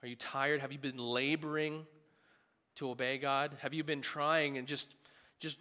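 A man preaching a sermon in a conversational, animated way, with quick asides. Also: mid-range voice. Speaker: pastor. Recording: long hall reverb.

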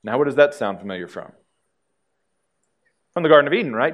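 A man's voice: mid-range voice, lively intonation, brisk. A male pastor preaching a sermon to a congregation in a conversational way, with dry humor.

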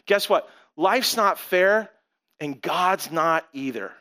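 A man preaching a sermon in a conversational, storytelling way, with animated asides to the congregation. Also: sits high, takes it slowly. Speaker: pastor.

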